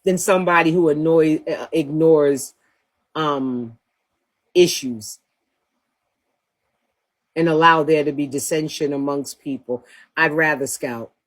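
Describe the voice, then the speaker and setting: A woman's voice: low-pitched, takes it slowly, long pauses. A woman hosting a livestream, talking bluntly and profanely in a trash-talking rant, breaking into laughter often. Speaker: livestream host.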